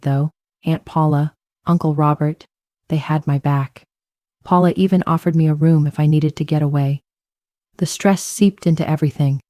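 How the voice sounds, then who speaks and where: A woman's voice: low voice, dark tone, no echo, clean studio sound. A woman narrating a first-person family drama story with emotional storytelling.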